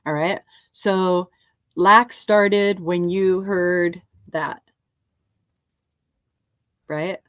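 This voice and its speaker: A woman guiding a conversation in a calm, measured way, checking in with short questions. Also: lowish voice, dry recording.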